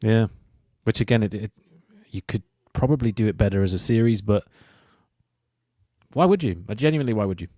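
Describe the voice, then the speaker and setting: A man co-hosting a casual film chat, wry and quick to laugh. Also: on the low side, expressive, warm tone, dry recording, studio quality. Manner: wry, laughs often, short interjections. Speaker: podcast co-host.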